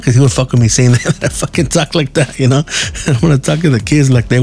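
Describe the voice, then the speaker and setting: A man's voice: mid-range voice, quick pace, a little mellow. A man telling a rambling personal story in a casual, slang-heavy, profane way. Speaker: podcast host.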